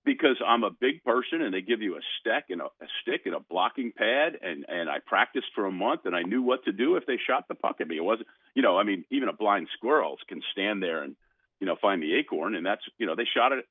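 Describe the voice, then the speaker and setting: A man's voice: lowish voice, brisk, slightly rough, no echo. An older man, a guest on a sports radio show, telling a long story with lots of restarts, heard over a phone line. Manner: animated storyteller with frequent restarts. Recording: dry phone-line sound.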